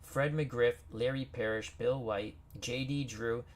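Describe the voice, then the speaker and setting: Guy going down a list of ball players out loud, chatty, mid-pitched voice. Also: steady tone, takes it slowly. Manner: reads off player names, chatty asides. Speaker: gaming video host. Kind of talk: casual game commentary.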